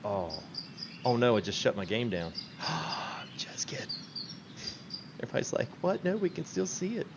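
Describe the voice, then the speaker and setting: A man's voice: medium pitch, very animated, moderate pace, vocal fry, long pauses, muffled recording, noisy background. A man hosting a game livestream, chatting casually, laughing often and quoting his viewers. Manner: laughing, chatty, quotes chat. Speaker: livestream host.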